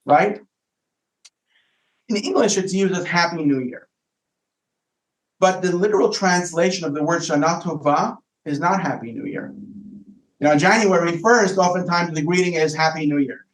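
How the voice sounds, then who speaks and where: A man's voice: fairly high pitch, moderate pace, pauses often. A rabbi talking with a podcast host, explaining ideas thoughtfully and often repeating words as he searches for the right phrasing. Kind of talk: casual explanatory conversation. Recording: echoey room.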